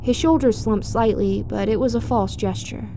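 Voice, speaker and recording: A woman giving scripted horror story narration in a measured, hushed, suspenseful way. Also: medium pitch, background noise.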